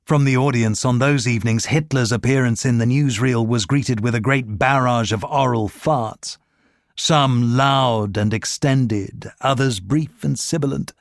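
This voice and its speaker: Male audiobook narrator, measured and steady, mid pitch, dry close read. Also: dry recording. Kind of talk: scripted narration.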